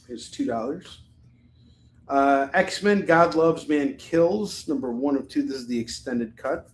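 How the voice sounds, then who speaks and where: Guy rambling and joking while he sells comics on a live stream, kinda high voice, roomy echo, bit of hum behind. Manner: chatty and rambling, jokey asides. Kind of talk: casual live sales chat.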